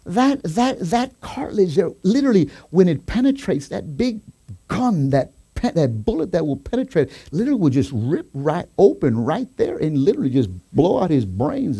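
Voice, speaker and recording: A man preaching a sermon as pastor, telling a story with quoted voices and rising to excited shouts. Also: fairly high pitch, normal speed, creaky, breathy edge. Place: church sanctuary.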